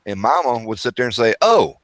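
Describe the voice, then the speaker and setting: A man's voice: medium pitch, normal speed, no echo. A man telling family stories in a casual chat, laughing often and acting out old quotes. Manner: animated, laughing often, acts out childhood quotes. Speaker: storyteller. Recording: faint background noise.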